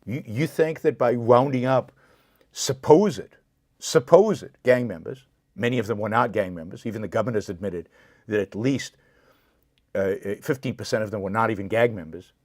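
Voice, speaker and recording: Hosting a live political commentary show, a man with a lowish, darkish voice speaks at normal speed with impassioned indignation, answering viewer comments directly. The recording is dry and has a clean studio sound.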